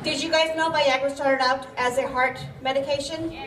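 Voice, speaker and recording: A woman with grandchildren giving a candid, chatty talk at an event, often out of breath and gently joking. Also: high voice, steady tone, normal speed, recorded from a distance, crowd noise, noisy background. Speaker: patient speaker. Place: event venue. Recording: echoey hall, mic from afar.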